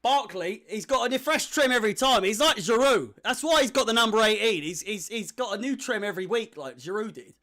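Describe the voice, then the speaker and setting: A young man hosts a live football watch-along, chatting to his viewers. His voice sits high and bright, with a lively, swooping delivery that jumps up whenever the game heats up. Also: brisk, hardly any pauses. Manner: excitable, shouts and laughs at chances. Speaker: fan watch-along host.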